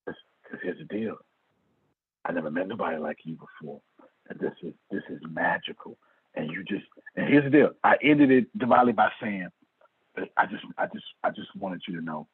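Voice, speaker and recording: A man speaking to an audience, telling a story in a lively way, calling on listeners by name and acting out what people said. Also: deep voice, moderate pace, breathy edge, no room sound. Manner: lively, calls on listeners by name, acts out quoted lines. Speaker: motivational speaker. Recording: tinny phone-like sound.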